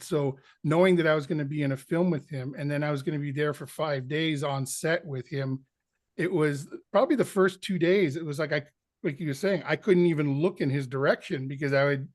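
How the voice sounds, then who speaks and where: Male actor guest, fairly high-pitched, dry close recording, animated storyteller. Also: no room sound. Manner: animated anecdote teller, acts out quotes. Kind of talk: storytelling in an interview.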